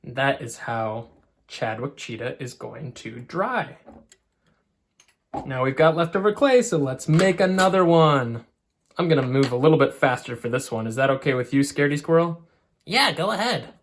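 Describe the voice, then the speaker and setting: A man's voice: mid-range voice, normal speed, slight background noise. A man art teacher talking children through a clay craft, step by step. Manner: friendly, step-by-step instruction.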